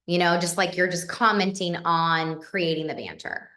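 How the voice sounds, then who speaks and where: Bright-voiced woman coaching a sales team. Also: lowish voice, expressive, normal speed, hardly any pauses, reverberant. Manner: chatty, coaching, acts out example messages. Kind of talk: casual training call.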